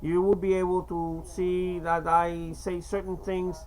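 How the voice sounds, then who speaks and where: A Cuban-born man in his fifties, a native Spanish speaker whose accent is now slight, speaks in a slightly high voice. He rambles with plenty of fillers and restarts in a casual monologue. A faint noise sits behind the recording. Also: level tone, low-quality recording. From Cuba. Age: 50s. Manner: halting, many fillers and restarts. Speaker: vlogger.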